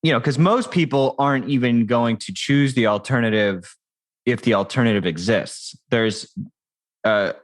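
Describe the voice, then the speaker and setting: The man, a tech company founder interviewed on a casual podcast, speaks at medium pitch and moderate pace. He's conversational and loose, frequently restarting and filling gaps with fillers.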